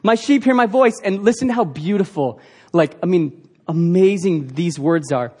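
High-voiced earnest male preacher. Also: normal speed, mellow, slightly rough. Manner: earnest, emphatic preaching with rhetorical questions. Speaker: pastor. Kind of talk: sermon.

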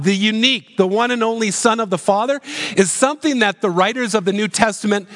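High-voiced male pastor in a reverberant hall. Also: fairly bright tone. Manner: earnest, questioning, slows down on key phrases. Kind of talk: sermon.

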